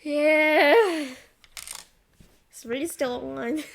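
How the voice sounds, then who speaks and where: American girl with a high voice, chatty and giggly, swears a lot, gets defensive fast. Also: gravelly. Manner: laughs often, swears, playfully defensive. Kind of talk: casual banter.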